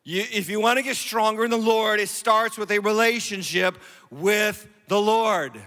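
A man's voice: sits high, moderate pace, bright, forceful tone, big-room sound. A male lead pastor giving a sermon to an online audience, emphatic and repeating key phrases for stress. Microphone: streamed online sermon.

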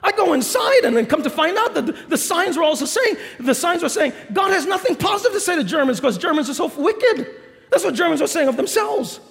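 In a large auditorium, a pastor with a New York accent delivers a sermon in an unusually high, gravelly voice. He's very animated and fairly quick, telling stories and laughing as he shouts the punchlines, which echo with a long reverb.

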